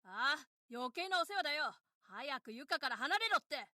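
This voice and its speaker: A woman's voice: high-pitched, big pitch swings, quick pace, exaggerated voice. A woman playing a foul-mouthed angry schoolgirl. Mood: furious. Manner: shouting insults, rough street talk. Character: furious tomboyish schoolgirl, foul-mouthed and fierce. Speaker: game character.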